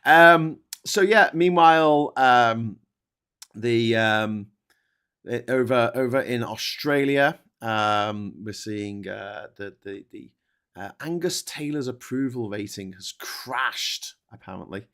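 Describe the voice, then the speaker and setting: A man's voice: mid-range voice, takes it slowly, fairly bright tone, clear, resonant tone. A man hosting a casual chat show, chatty, swearing freely and laughing often. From England. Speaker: host.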